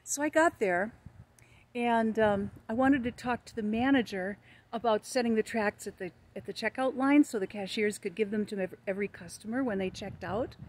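A woman's voice: medium pitch, moderate pace, a little hiss or hum. Older American woman, earnest street evangelist telling her stories, filmed outside on a hot day. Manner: earnest, storytelling with quoted dialogue. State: hot, red-cheeked in a heat wave. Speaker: evangelist vlogger. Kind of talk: casual testimony vlog. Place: outdoors in the shade of a tree.

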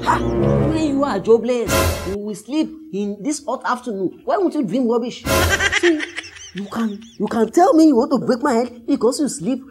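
A woman with a Nigerian accent acting in a comedy skit, scolding in a lively way. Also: fairly high pitch, normal speed. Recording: music playing behind.

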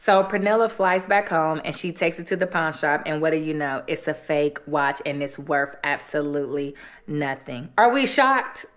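A woman's voice: low-pitched, fairly even intonation, normal speed. A woman hosting an eating show, retelling a true-crime story in a casual, colloquial way with repeated phrases. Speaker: host.

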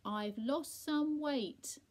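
A woman reading aloud, voicing a shy male cat who speaks gruffly out of embarrassment, with a husky, gravelly voice. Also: medium pitch, lively intonation, measured pace, warm tone, heavily acted. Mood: earnest. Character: fat-loving male tomcat, shy and hopeful.

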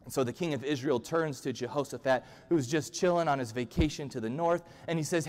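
A man's voice: on the high side, brisk, hardly any pauses, a little mellow. A male pastor giving a humorous, conversational sermon in a church. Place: church sanctuary. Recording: long church-hall reverb.

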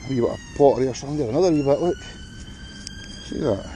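Lively Scottish man chatting outdoors. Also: on the high side, rapid-fire, slight background noise, rough recording. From Scotland. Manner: chatty, upbeat, talks straight to the viewers while digging. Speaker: metal detecting vlogger. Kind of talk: casual running commentary to viewers. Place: outdoors in a cold field.

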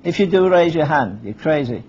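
High-voiced preacher on a dull recording. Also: male voice, expressive, moderate pace, background noise. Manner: rhetorical questions to the congregation, acting out Bible scenes. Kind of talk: sermon. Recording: dull lo-fi sermon recording with faint music.

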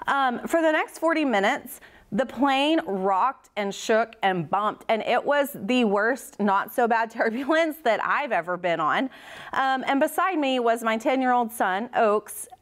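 Woman, 30s, church devotion speaker, slightly high voice, earnest and conversational, storytelling into prayer.

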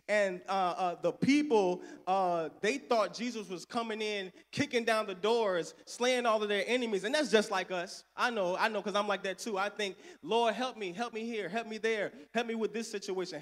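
A man preaching a sermon, calling for responses and swinging between loud and soft. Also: sits high, normal speed, few pauses. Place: church sanctuary. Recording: echoey church hall.

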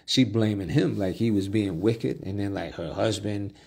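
A man's voice: fairly low pitch, normal speed, vocal fry, warm tone, slightly rough. A man preaching a Bible study sermon, reading scripture aloud and then explaining it in plain talk with restarts and asides.

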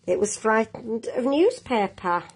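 A woman reading a picture book aloud to children, gently adding little asides to young viewers. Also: on the high side, expressive, measured pace, husky. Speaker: storyteller.

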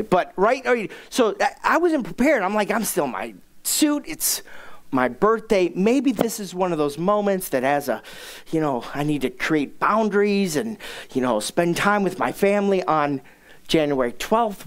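A middle-aged man, a pastor, telling a humorous personal story in a sermon, self-mocking and acting out the people he quotes. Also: a little high. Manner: animated, self-mocking, acts out quoted dialogue.

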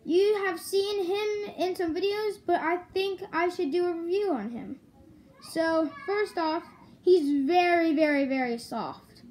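A woman's voice: very high voice, measured pace, darkish tone, a little hiss or hum. A young woman giving a casual toy review, chatty and full of "like" and "um". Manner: chatty, lots of "like" and "um".

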